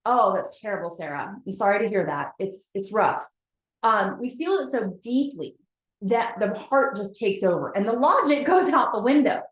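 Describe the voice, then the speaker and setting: A woman's voice: mid-range voice, animated, normal speed. A woman giving a candid, chatty motivational talk to a live audience, speaking straight to her viewers. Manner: candid, chatty, addresses viewers as "you guys". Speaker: host of a weekly motivational live video. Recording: roomy echo.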